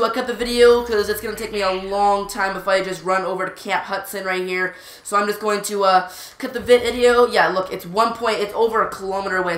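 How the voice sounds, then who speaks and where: Excitable woman narrating gameplay, echoey room. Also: medium pitch. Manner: excitable, repeats urgent exclamations, stammers often. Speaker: gaming channel host. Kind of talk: live gameplay commentary.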